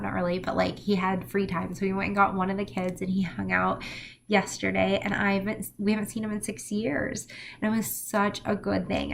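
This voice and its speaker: A woman's voice: medium pitch, gravelly, slight background noise. A middle-aged woman talking through a personal vlog in an emotional, heartfelt way, rambling with many fillers. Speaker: vlogger.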